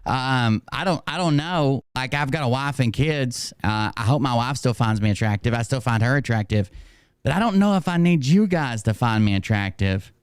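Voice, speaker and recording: A man's voice: mid-range voice, normal speed, smooth, no room sound, clean studio sound. A man hosting a casual livestream, rambling and self-mocking, laughing often. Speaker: streamer host.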